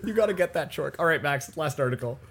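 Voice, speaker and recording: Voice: medium pitch, lively intonation, quick pace, fairly bright tone. A podcast co-host riffing and laughing in casual comedic chat.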